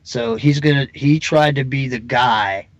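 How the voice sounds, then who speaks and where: A man's voice: mid-range voice, measured pace, no echo, muffled recording. A man speaking as a guest on a talk show, rambling through his points with lots of fillers and restarts. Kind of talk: casual conversation.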